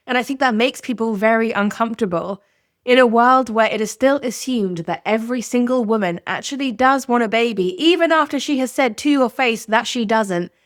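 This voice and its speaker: A woman's voice: fairly high pitch, no room sound, clean studio sound. A woman hosting a podcast, narrating in a candid, conversational way. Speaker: podcast host. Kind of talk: scripted narration.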